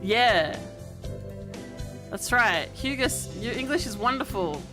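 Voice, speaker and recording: A woman's voice: a little high, animated, slow pace, over music. A woman streaming a game, chatting casually in a playful, laughing and profane way. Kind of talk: casual chat.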